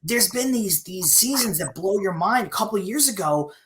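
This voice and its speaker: A man's voice: sits high, lively intonation, moderate pace, a crowd in the background. A man hosting a live stream, chatting casually and opinionated, with many restarts, reading viewer comments aloud. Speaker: show host.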